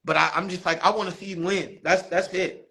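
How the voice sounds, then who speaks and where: A man, a barber and basketball coach, telling animated stories in a casual interview, acting out quotes. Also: high voice, fairly quick, vocal fry, slightly rough. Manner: animated storytelling, laughs often, acts out quotes.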